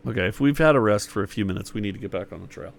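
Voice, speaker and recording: A man's voice: fairly low pitch, racing, gravelly, a little hiss or hum. A man playing in a tabletop game, joking, laughing often and stammering. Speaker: player.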